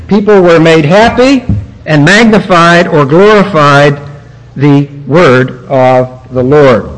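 A man preaching a teaching sermon in a church, his voice pitched somewhat high for a man. He talks slowly and deliberately, breaking the text down point by point with weighty pauses. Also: a bit bright, rough recording. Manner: teacherly, explaining grammar point by point with emphatic pauses. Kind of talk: expository sermon.

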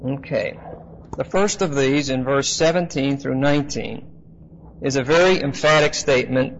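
A man preaching an expository Bible teaching, measured and emphatic, often pausing with "uh" and checking in with "okay?". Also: medium pitch. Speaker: pastor. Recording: slightly dull lo-fi sound with faint noise.

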